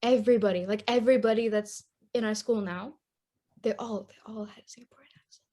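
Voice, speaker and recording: A woman's voice: mid-range voice, steady tone, fast talker, warm tone. A teenage girl from Indonesia co-hosting a casual podcast chat, rambling and laughing often. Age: teens. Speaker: podcast co-host.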